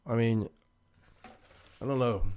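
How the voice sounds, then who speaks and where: A male podcast host works through the day's headlines, reading passages straight and then undercutting them with dry sarcasm. His voice sits at an ordinary middle pitch for a man. He sounds like a regular commentator talking to his listeners. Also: steady tone, slow, darkish tone, slight background noise. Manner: sarcastic, mock-emotional asides. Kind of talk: political commentary, reading news aloud. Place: Florida.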